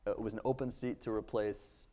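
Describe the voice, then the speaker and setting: A man's voice: fairly low pitch, steady tone, brisk, mellow. A man interviewing a politician, asking questions and reading out old headlines with a wry tone.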